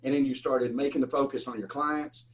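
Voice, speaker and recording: A man's voice: mid-range voice, steady tone, brisk, a little hiss or hum, low-quality recording. A man hosting an interview, talking in a rambling way with many restarts. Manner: rambling, stammering restarts, storytelling. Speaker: podcast host. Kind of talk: casual interview chat.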